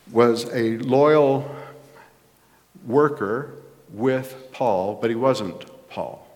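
A man preaching a conversational sermon as pastor, rising to emphatic points. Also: mid-range voice. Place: church sanctuary. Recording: long reverb of a church hall.

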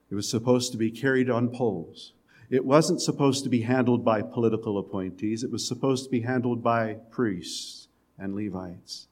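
Male pastor, mid-pitched voice, chatty sermon delivery with soft emphatic drops. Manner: conversational preaching, drops to soft emphatic lines, occasional chuckles.

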